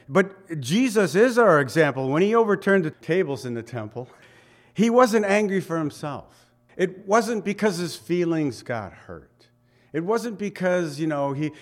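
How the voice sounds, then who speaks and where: A man with a fairly high-pitched voice preaches a conversational sermon as a pastor. He moves back and forth between loud, emphatic bursts and quiet asides.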